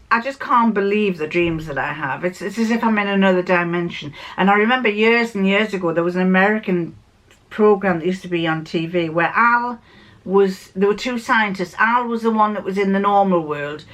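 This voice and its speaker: An older woman chatting to her viewers in a relaxed vlog. She tells long anecdotes in a rambling way and often restarts her sentences. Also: medium pitch, poor audio. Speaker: vlogger.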